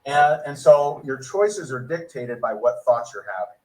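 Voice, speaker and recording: A man's voice: mid-range voice, animated, moderate pace. Distant preachy male coach. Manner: preachy motivational speaker. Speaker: network marketing coach. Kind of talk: recorded training talk.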